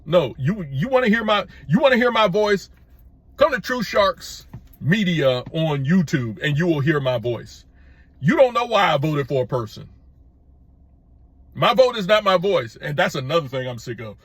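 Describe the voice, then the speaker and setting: Speaking with a fairly high, husky voice and lively intonation, a middle-aged man runs his own YouTube channel and rants emphatically, repeating phrases and stumbling into stammered restarts. He talks at normal speed with long pauses, and the recording has no echo.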